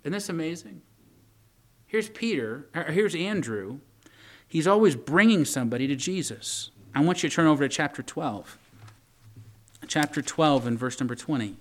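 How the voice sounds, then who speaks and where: A man's voice: fairly high pitch, animated, normal speed. A man preaching a sermon in a conversational way, often repeating words and reading scripture aloud.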